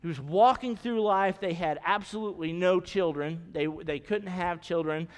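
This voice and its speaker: A man's voice: high-pitched, moderate pace, clean tone. A man preaching a sermon from a church sanctuary, speaking conversationally and putting questions to the congregation. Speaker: pastor. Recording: long church reverb.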